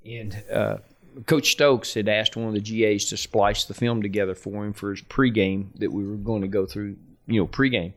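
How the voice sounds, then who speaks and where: A middle-aged man, a football coach, telling anecdotes in a podcast interview, folksy and animated, laughing as he goes and acting out the dialogue. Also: fairly low pitch, moderate pace. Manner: acts out dialogue in his stories.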